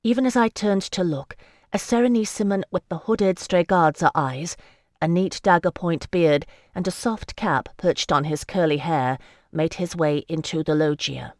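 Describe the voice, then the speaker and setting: A calm narrator tells a fantasy story in an even, unhurried way. The voice sits at a middling pitch and is recorded dry and close, with no room sound at all. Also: no room sound. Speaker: audiobook narrator.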